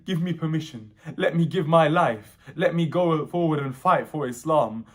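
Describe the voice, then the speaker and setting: A man's voice: a little high, normal speed, natural voice. A man voicing a repentant old warrior who pleads tearfully with his master, in a mourning recitation. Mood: pleading.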